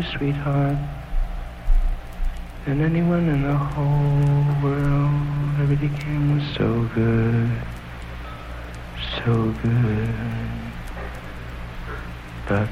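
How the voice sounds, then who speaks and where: A man's voice: on the high side, fairly even intonation, extremely slow, pauses often. A man performing a stand-up comedy routine in a repetitive, mocking, escalating manner. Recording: dull lo-fi archive recording with music.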